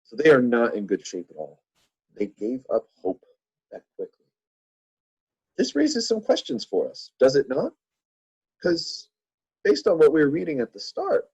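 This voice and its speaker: Playful husky-voiced man teaching a Bible lesson. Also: medium pitch, big pitch swings, moderate pace, darkish tone, no room sound, dull audio. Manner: playful, jokey asides to the audience.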